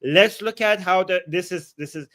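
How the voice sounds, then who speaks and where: A man's voice: sits high, normal speed, sharp tone. A man hosting a live political stream, reading news aloud and reacting with blunt sarcasm and many restarts. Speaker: political livestream host. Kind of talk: casual commentary reading and reacting.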